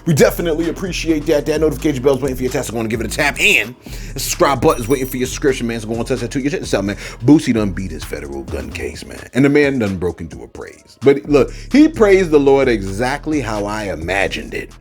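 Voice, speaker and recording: A man's voice: mid-range voice, fast, soft background music. A man hosting a celebrity news channel, joking in casual commentary with lots of fillers. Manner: animated, joking, many fillers and repeated "man" and "look".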